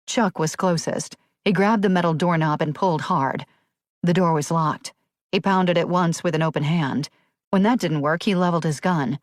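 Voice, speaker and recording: Low-voiced woman narrating a thriller. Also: normal speed, dry recording, studio quality. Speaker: audiobook narrator.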